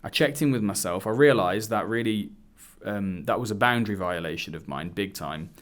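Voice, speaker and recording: Male dating coach, lower pitch, casual to-camera storytelling, acts out the dialogue. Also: moderate pace. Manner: candid, swearing, acts out quoted dialogue. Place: indoors, wearing a hood. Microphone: camera mic.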